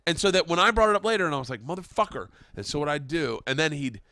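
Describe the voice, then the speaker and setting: A quick-talking male comic hosting a podcast, rattling through profane stories and acting out every quote. His voice is bright and forceful, and it sits in a dry, close room. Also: fairly high pitch, sing-song, dry recording. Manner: fast, profane storytelling with acted-out quotes. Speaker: podcast host, stand-up comic. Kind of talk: casual chat.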